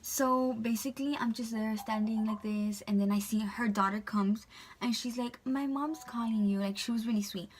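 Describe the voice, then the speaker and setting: With slight background noise behind her, a young woman vlogger tells a storytime in a high-ish, steady voice at a moderate pace. Her style is chatty and heavy on fillers such as "like" and "um."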